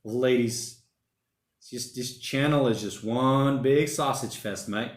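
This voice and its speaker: A man's voice: medium pitch, slow pace, roomy sound. A man hosting a casual livestream, chatting loosely and reading out viewer comments in a rambling, slangy way. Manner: rambling, chatty, uses slang like mate and bloody. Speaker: livestream host. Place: home during lockdown.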